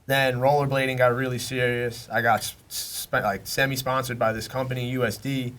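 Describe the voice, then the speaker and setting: A man's voice: mid-range voice, flat delivery, fairly quick, a bit bright. A young man from Long Island, telling long, rambling stories on a podcast, full of slang and swearing, often acting out what friends said. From Long Island, New York. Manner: rambling, slangy, profane, acts out quoted friends. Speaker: podcast guest. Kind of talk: casual storytelling.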